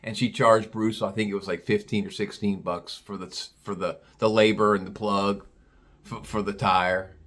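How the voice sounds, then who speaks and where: A man's voice: lowish voice, flat delivery, normal speed, a bit bright. A man from Ohio telling a casual story, rambling and repeating himself, with the odd curse word. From Cincinnati, Ohio.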